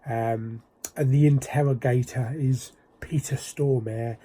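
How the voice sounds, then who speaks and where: A man's voice: medium pitch, fairly even intonation, slow, mellow. Rambling British man reviewing a film. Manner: rambling, with many ums and likes. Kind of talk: casual film review vlog.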